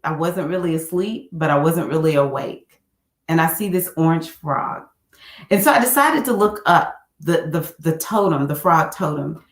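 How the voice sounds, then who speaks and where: Chatty low-voiced woman in an echoey room. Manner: chatty, acts out her own quotes in a high squeal. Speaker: spiritual coach. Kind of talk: casual livestream talk.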